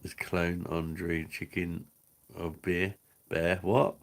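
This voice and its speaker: A man's voice: low-pitched, level tone, slow pace. A man hosting a live stream, reading out chat comments in crude, sweary banter and laughing often. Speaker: livestream host.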